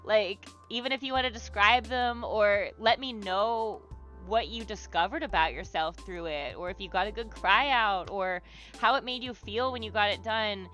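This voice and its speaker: A woman's voice: medium pitch, moderate pace, a bit bright, soft background music. A young woman chatting casually on a livestream as she draws, rambling with many fillers and restarts and encouraging her viewers. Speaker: livestream host leading an art therapy exercise. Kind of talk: casual livestream chat while drawing.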